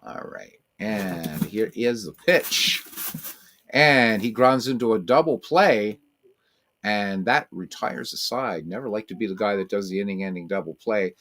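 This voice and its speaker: Man, fairly low voice, casual mock announcer, tabletop baseball play-by-play. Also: lively intonation, unhurried, fairly bright tone. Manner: mock announcer calls, talks to his cats in a high, cooing voice. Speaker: host playing a tabletop baseball game.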